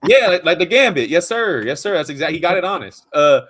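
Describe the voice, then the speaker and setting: An animated, laughing man speaks with a light Louisiana accent in a relaxed live video chat, now and then slipping into playful voices. His voice sits a bit high for a man and carries well over a video call. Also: fairly quick.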